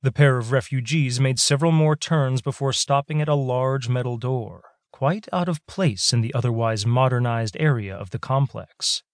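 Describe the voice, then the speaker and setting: Male audiobook narrator, gravelly tone, dry close sound, measured sci-fi reading. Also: mid-range voice, dry recording. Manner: steady, measured storytelling.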